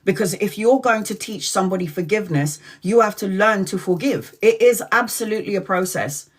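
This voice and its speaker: A woman in her forties with a mid-range, slightly breathy voice talks fairly quickly. She's a tarot reader hosting a casual live stream, chatting frankly, swearing freely and calling out viewers by name.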